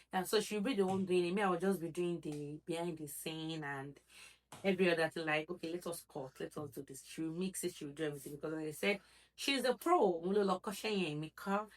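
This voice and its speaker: A woman in her twenties with a Nigerian accent, chatting at home in a rambling, casual vlog style. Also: fairly low pitch. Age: 20s. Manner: chatty and rambling, full of "like" and "so yeah". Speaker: vlogger.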